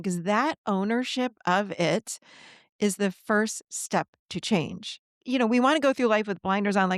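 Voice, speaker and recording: A woman's voice: medium pitch, normal speed, no room sound, clean studio sound. A woman guest on a podcast interview, talking earnestly in a coaching manner and acting out the voices of the people she quotes.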